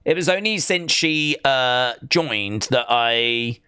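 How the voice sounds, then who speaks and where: An English man chats his way through a live stream, reading viewer comments aloud and riffing on them in a loose, rambling way. His voice sits at an ordinary middle pitch. The sound is close and dry, with no room around it. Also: lively intonation, slow, sharp tone, smooth, no echo. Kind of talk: casual watch-along chat.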